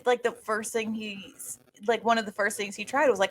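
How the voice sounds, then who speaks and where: A woman's voice: mid-range voice, animated, normal speed, a bit bright. A woman co-hosting a podcast, talking casually and searching for words as she goes. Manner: rambling, searches for words, many fillers. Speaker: podcast co-host. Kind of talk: casual chat.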